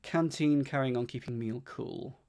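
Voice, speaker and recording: Gravelly man musing over crossword clues. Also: medium pitch, lively intonation, normal speed, darkish tone. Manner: muses half to himself, repeats clues under his breath, thanks chat by name. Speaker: streamer solving a crossword. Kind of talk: casual thinking aloud while solving.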